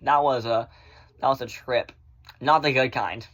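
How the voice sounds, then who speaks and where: A man chatting casually in a vlog, rambling through viewer questions and swearing freely, often in fast bursts. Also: mid-range voice, fairly even intonation, fairly bright tone. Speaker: vlogger answering viewer questions. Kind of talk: casual chat.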